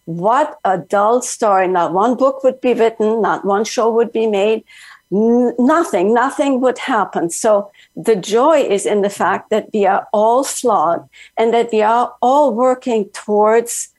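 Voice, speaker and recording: A woman's voice: fairly high pitch, a little slow, a little mellow. A woman author speaking as a guest in an earnest, flowing motivational style. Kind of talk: motivational talk.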